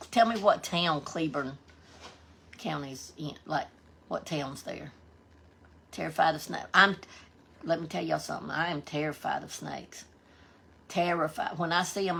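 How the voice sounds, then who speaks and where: Southern woman, live-stream host, gravelly low voice, folksy chatter with viewers. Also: fairly bright tone. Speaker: livestream host. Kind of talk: casual live-stream chat, reading out viewer comments.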